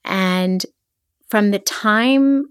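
A middle-aged woman from the Philadelphia area, a podcast guest, chatting casually and telling stories with quick asides. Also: mid-range voice, clear, resonant tone, no room sound, studio quality. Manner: animated storyteller, quick asides. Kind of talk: casual interview chat.

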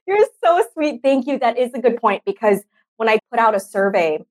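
A woman's voice: on the high side, very animated, a little slow. A woman hosting a podcast, talking earnestly and reflectively in casual conversation. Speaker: podcast host. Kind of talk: casual chat.

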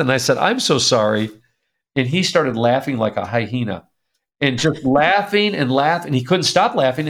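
An older man, a guest in an interview, tells a personal family story in an animated way, often laughing and reading old letters aloud. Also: on the high side.

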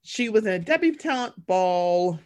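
A man hosting a casual chat, animated and sarcastic, swearing freely and slipping into mocking voices. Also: sits high, unhurried, smooth.

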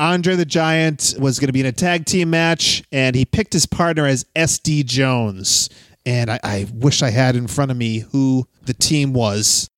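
A man's voice: medium pitch, smooth, no echo, studio quality. A man hosting a casual podcast, chatting and reading listener messages aloud. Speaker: podcast host.

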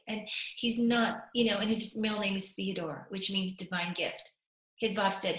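A woman's voice: medium pitch, steady tone, a little slow, fairly bright tone. A middle-aged woman, a talk show guest, telling an emotional personal story candidly and animatedly, her voice breaking into tears at times. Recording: roomy echo.

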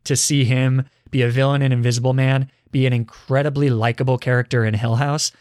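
A man's voice: medium pitch, flat delivery, brisk, a little mellow, no echo, clean studio sound. A man in his twenties chatting casually as a podcast host, running a quiz game with his co-host. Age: 20s. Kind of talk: casual chat.

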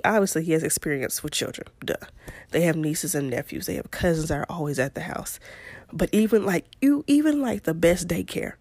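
A woman's voice: deep voice, gravelly, no room sound. A woman, hosting a podcast and telling a story in a chatty way, laughing often. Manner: chatty, laughs often, Southern-style "y'all". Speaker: podcast host. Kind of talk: casual storytelling monologue.

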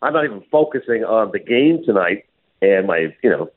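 A man co-hosting a radio show, telling stories in casual banter, animated and quick. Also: lowish voice, no room sound. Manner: animated storyteller, quick and lively. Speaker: radio co-host. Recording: phone-like radio line.

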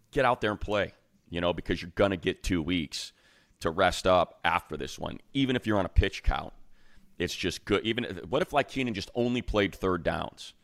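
A man's voice: deep voice, creaky, dry recording, studio quality. A man co-hosting a casual sports talk show, opinionated and given to heated rants. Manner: opinionated, heats up into animated rants. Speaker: co-host.

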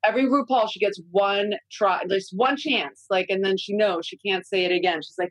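A woman's voice: mid-range voice, a little fast, hardly any pauses, no echo, rough recording. A woman, a mother of young kids, chatting candidly as a podcast guest, with frequent fillers and casual swearing.

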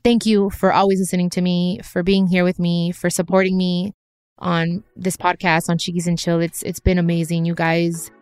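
A woman's voice: lowish voice, flat delivery, moderate pace, darkish tone, clean tone, dry recording, studio quality. A woman hosting her own podcast, talking in an earnest, reflective way and slipping in Spanish phrases now and then. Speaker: podcast host. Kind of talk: heartfelt personal podcast talk.

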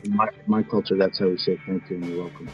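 A man on a live podcast stream, trading deadpan jokes with the host in casual chat. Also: deep voice, fast, dull audio, over loud music. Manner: deadpan, joking. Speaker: guest on the livestream.

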